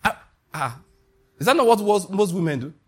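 Husky Nigerian pastor preaching emphatically. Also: male voice, normal speed. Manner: animated, emphatic preaching with sudden high emphatic rises. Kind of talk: sermon.

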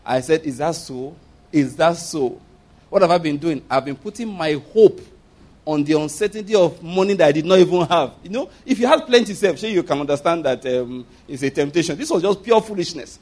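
Emphatic Nigerian preacher, fairly high voice. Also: male voice, animated, a little fast, darkish tone. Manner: emphatic, repeats phrases, acts out quoted speech. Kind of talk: sermon.

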